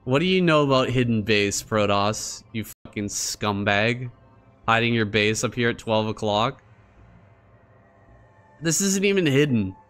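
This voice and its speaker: A man giving casual commentary over his own strategy game match, excitable and crude, swearing and mocking his opponent with frequent laughter. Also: lowish voice. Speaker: gaming streamer.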